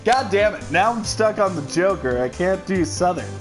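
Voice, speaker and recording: A woman's voice: on the low side, lively intonation, normal speed, music in the background. Giggly woman reading a game aloud. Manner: giggly, self-deprecating, chatty. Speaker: host reading game dialogue. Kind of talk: casual let's play voice reading.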